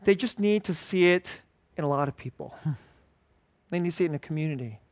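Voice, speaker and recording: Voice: medium pitch, animated, a little fast, no echo. A pastor giving an informal, conversational sermon at a church service, repeating key phrases and chuckling often.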